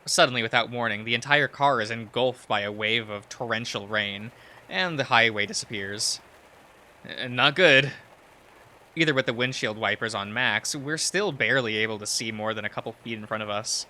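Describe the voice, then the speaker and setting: A man's voice: medium pitch, normal speed, bright, forceful tone. A man streaming a visual novel, reading it aloud with chuckling asides.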